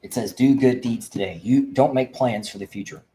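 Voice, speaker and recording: A man from Indiana, an advocate for veterans, talks on a livestream in a mellow, medium-pitched voice at normal speed. He preaches with fervor and rambles, frequently restarting. The recording sounds rough.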